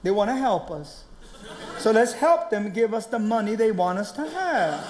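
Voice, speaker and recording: A man's voice: sits high, moderate pace, echoey room. Ray Ray, a man doing a hustling street buddy. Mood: scheming. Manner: excited, coaxing, street slang. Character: hustling streetwise young friend, upbeat. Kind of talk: stand-up stage storytelling.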